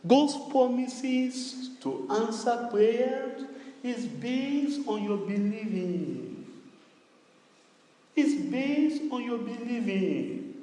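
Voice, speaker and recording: A man's voice: extremely high pitch, mellow. A man preaching a sermon as pastor, repeating phrases and calling out to the congregation in a sing-song cadence. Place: church hall. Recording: echoey church hall, long reverb.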